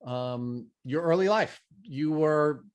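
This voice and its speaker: A podcast host who asks calm, measured interview questions. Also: mid-range voice, clear, resonant tone.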